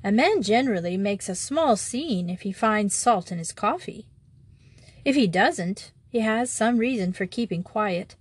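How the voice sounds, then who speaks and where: A woman voicing a meek, apologetic little male country priest who speaks simply and gently. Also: mid-range voice, lively intonation, unhurried, slightly rough, no room sound. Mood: mild.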